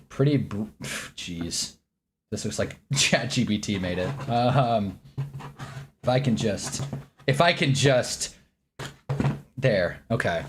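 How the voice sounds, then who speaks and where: A man's voice: fairly low pitch, a little hiss or hum. Annoyed man ranting on a live stream. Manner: rambling, annoyed and joking, talks while eating. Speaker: streamer reacting live to a football draft. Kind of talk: casual live-stream reaction.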